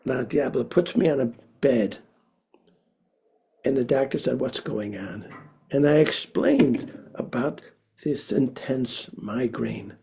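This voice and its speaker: A man from Minnesota telling a personal story to an audience, expressive, with sudden drops to a hush. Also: mid-range voice, slow pace, vocal fry, breathy edge. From Minnesota, USA.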